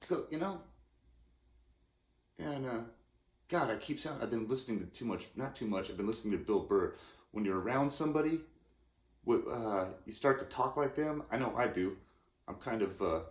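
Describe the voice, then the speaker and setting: Rambling man in his forties, roomy echo. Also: mid-range voice. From California. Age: 40s. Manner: rambling and self-interrupting, with many fillers and restarts. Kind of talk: casual rambling monologue. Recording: roomy echoey room.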